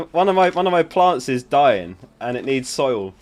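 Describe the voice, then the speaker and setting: Giggly man chatting on a livestream. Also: mid-range voice. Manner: chatty and giggly, talking to his chat. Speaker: livestream host. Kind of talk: casual live-stream chat.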